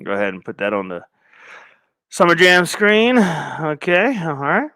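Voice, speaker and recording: A man hosts a casual livestream, rambling and easily distracted as he chats with his viewers. His voice sits fairly high and comes out smooth and clear at an unhurried pace. The sound is dry and close, with no room around it. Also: huge pitch swings, pushed and bright, no room sound. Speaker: livestream host.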